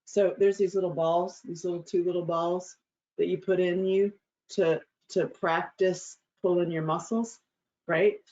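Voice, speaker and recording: A woman's voice: lowish voice, level tone, measured pace, dark tone. A middle-aged woman hosts her own show and tells a story in a loose, candid monologue. She swears freely, laughs often and acts out what people said. The recording sounds a bit dull and lo-fi. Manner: frank and profane, laughing often, acting out quotes. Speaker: show host.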